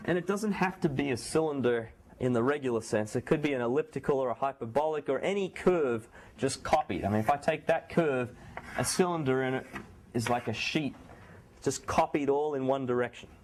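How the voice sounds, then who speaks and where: A man's voice: medium pitch, fairly quick, a little hiss or hum. Casual male lecturer with a sore voice. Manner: conversational, restarts and self-corrections. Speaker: university math lecturer. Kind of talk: classroom lecture. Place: lecture hall.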